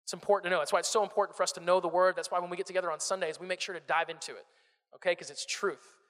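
High, bright-voiced preacher. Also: male voice, racing, long reverb tail. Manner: conversational, animated, repeats words when starting phrases. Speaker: pastor. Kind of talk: sermon.

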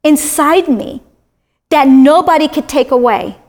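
High-voiced animated woman from Florida. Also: measured pace. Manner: animated storyteller, self-described talker. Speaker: guest sharing a faith testimony. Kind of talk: conversational testimony.

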